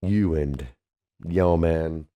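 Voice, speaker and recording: A man's voice: very deep voice, very slow, mellow, heavily acted. A man voicing a courteous, formal male ship captain in a tabletop game. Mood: courtly. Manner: genteel, formal phrasing.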